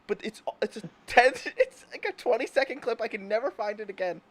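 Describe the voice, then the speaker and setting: Giggly and rambling, this host laughs through his words while telling stories and performing goofy made-up lines in a casual chat. He speaks in a high-pitched voice, fairly quickly.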